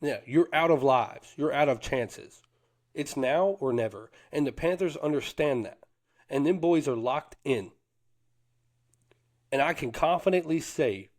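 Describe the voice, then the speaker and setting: A man's voice: fairly high pitch, a little mellow. A man co-hosting a sports podcast, talking with hyped, boastful energy and Southern slang. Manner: fired-up, boastful fan talk with Southern slang like "them boys" and "cuz". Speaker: podcast co-host.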